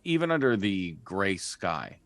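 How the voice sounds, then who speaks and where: Deep-voiced man game master. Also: sing-song, unhurried, no echo. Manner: descriptive, hesitant with many fillers. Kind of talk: narrating a tabletop game.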